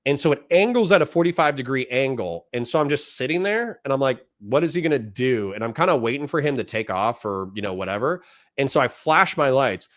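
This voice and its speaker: Animated man telling a war story. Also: medium pitch, fairly quick. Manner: animated storyteller who shouts out quoted lines. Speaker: podcast host, former police officer. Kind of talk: casual storytelling.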